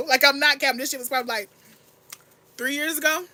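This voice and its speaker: A young woman hosting a casual get-ready-with-me livestream, chatting candidly and answering her chat in a rambling, animated way. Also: on the high side, moderate pace, noisy background. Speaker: livestream host.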